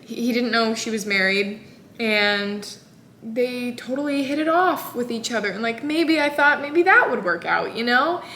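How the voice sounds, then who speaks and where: Young woman ranting about a book, kinda high voice, echoey room. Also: a little slow, slight background noise. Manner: animated, exasperated storytelling full of "like". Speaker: book vlogger. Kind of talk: casual book recap.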